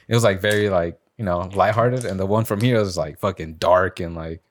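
Low-voiced man rambling through a story. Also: fairly quick, a little hiss or hum. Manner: rambling storytelling, many fillers, swears. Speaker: podcast host. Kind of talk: casual chat.

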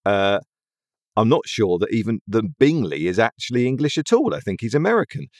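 A man co-hosting a casual chat, lively and teasing, thinking aloud as he goes. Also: on the low side, a little fast, no echo, clean studio sound.

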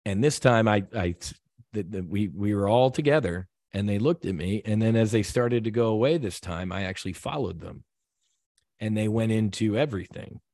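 A man with a low, fairly deep voice tells a personal story on a podcast. He sounds earnest and heartfelt, and he often stops to restart or repeat himself. The recording is dry and close. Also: a little mellow, no echo. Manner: halting, with many restarts and repeated words. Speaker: podcast guest.

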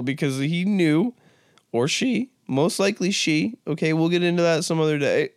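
A man's voice: a little high, moderate pace, smooth, no room sound, studio quality. A young man hosting a podcast, riffing through a crude, rambling comedic monologue with mock-serious asides. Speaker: podcast host.

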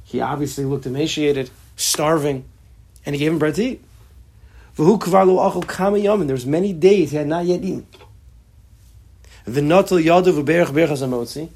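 Expressive husky male Torah teacher. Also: fairly high pitch. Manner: expressive, acts out quotes, mixes Hebrew terms. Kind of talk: class on a text.

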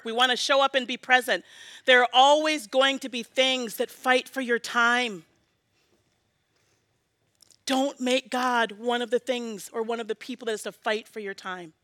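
A woman in her forties preaching a sermon as pastor, earnest and personal, often dropping to a soft prayerful hush. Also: high-pitched, dry recording. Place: church sanctuary.

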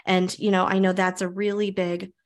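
A woman hosting a podcast interview, speaking in a calm, reflective way and repeating phrases for emphasis. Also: mid-range voice, normal speed. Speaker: podcast host.

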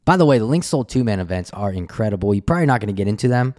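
A man hosting a podcast, telling a story in a casual, animated way and laughing often. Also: lowish voice, very fast. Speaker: podcast host.

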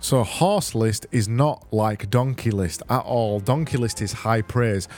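A man's voice: on the low side, measured pace, over music. A man hosting a comedy podcast, ranting sarcastically and swearing freely. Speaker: podcast host. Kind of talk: casual comedic podcast monologue.

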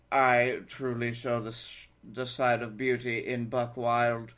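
Comedy podcast co-host, man, mid-pitched, deadpan mock-solemn delivery. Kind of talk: comedic mock courtroom argument.

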